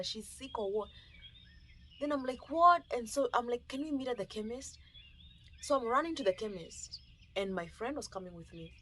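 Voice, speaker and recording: A woman with a Kenyan accent, telling an animated, emotional personal testimony and acting out the dialogue. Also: mid-range voice, slight background noise. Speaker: storyteller.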